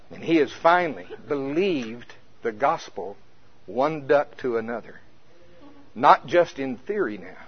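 A pastor telling a folksy story in a conversational sermon, with a casual manner. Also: male voice, mid-range voice, husky. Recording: muffled lo-fi recording.

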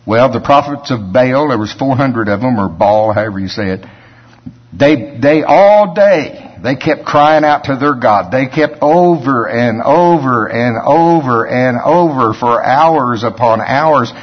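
A man preaches in a relaxed, storytelling way, stepping aside to talk straight to his listeners. His mid-pitched voice is husky. The recording sounds dull and lo-fi. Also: unhurried. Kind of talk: sermon.

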